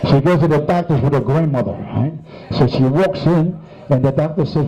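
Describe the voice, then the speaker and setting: Gruff joke-telling man, muffled. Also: a little high, fairly quick, hardly any pauses, mellow. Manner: crude punchline jokes, gruff storyteller. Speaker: comedian. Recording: muffled lo-fi club recording.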